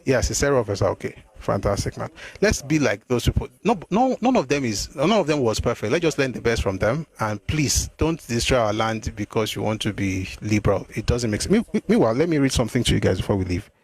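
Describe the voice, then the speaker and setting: A man hosting a live stream, answering viewer comments in an animated, exclamatory way, often repeating himself. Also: mid-range voice, fast talker, few pauses, slightly rough. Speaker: host.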